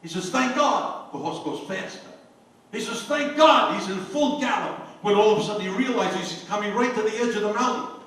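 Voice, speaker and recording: An older man telling jokes to a party crowd, a lively storyteller who hollers his punchlines. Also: high voice, fast. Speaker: joke teller at a party. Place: anniversary party. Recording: echoey room, voice from far off, faint noise.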